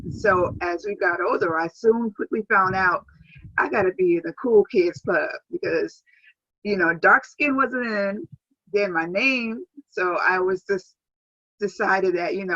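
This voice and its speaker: A woman's voice: mid-range voice, a bit bright, no echo. Female guest from D.C., remote call audio, dull and dry, upbeat storyteller. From Washington, D.C., USA. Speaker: guest, advocate for girls. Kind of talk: casual interview conversation. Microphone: phone or remote call.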